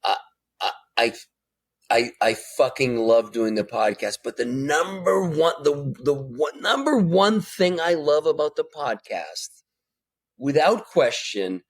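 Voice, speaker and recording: A man's voice: medium pitch, expressive, slow pace, husky. A man in his forties, a podcast guest, telling a candid personal story and swearing freely as he grows emotional. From United States.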